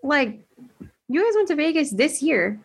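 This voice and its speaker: A young woman from Los Angeles in casual podcast chat, swearing freely as she tells stories and jumps into high, squeaky voices to act out the people in them. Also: very animated, a little slow, vocal fry. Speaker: podcast co-host.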